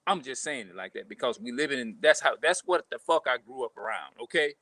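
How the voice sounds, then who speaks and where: A man ranting casually to camera, talking rough, profane and repetitive, sounding frustrated. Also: mid-range voice, very animated, a little fast, bright, forceful tone, dry recording. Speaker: vlogger.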